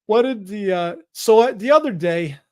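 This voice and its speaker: A man's voice: high-pitched, expressive, normal speed, warm tone. Rambling, jokey man with a Chicago accent. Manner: rambling, jokey, chuckles between remarks. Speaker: host of an investing livestream. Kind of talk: casual livestream chat.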